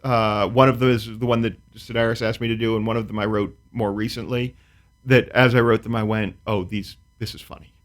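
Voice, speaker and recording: A man's voice: fairly low pitch, flat delivery, brisk. A man, a comedian guest, telling a comic story in a dry, precise, wry way, then chatting casually about his work. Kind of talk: casual talk-show chat.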